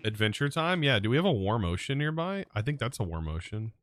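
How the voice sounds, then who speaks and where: A man plays a modded block-building game on a live stream, chatting with viewers and muttering lists to himself along the way. His mid-range voice is sing-song, a little fast, and fairly bright in this casual chat.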